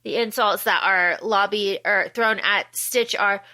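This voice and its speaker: A woman's voice: mid-range voice, a little slow. A woman co-hosting a podcast, animatedly recapping a film in casual chat and acting out quotes. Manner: animated, acts out quotes in funny voices. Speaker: podcast co-host.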